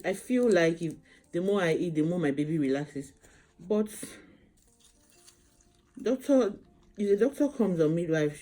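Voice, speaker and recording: A pregnant vlogger waiting for labor in a hospital room talks casually to the camera, tired and returning to the same phrases. Her voice is low and dark.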